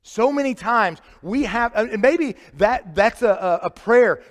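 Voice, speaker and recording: High-voiced preacher in a reverberant sanctuary. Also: male voice, expressive, unhurried. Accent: Midwestern American. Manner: conversational, swings from loud emphatic to quiet and low. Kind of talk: sermon. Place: church sanctuary. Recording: live church sanctuary with long reverb.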